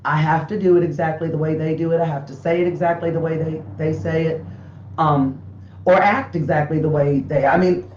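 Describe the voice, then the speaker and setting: Woman medium, lively candid storyteller, casual chat; echoey, muffled lo-fi audio. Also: low-pitched, a little fast, slight background noise. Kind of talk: casual interview talk. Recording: echoey room, dull lo-fi sound.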